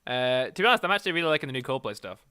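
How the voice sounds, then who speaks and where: A man's voice: mid-range voice, animated, very fast, sharp tone, clean tone, no echo, clean studio sound. A man co-hosting a casual comedy podcast, laughing a lot and slipping into silly mock quotes. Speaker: podcast co-host.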